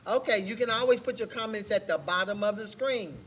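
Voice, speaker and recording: A woman's voice: medium pitch, a little fast, fairly bright tone. Chatty woman hosting a live talk show. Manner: chatty, laughs often, reads viewer comments aloud. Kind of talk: casual live chat.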